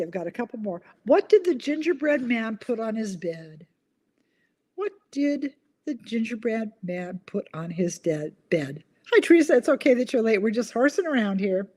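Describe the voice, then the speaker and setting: Casting: a chatty live-stream host who laughs at her own jokes, with an animated, bouncy voice. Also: medium pitch, breathy edge. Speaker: host of a live online chat. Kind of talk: casual live-stream chat, reading viewer comments.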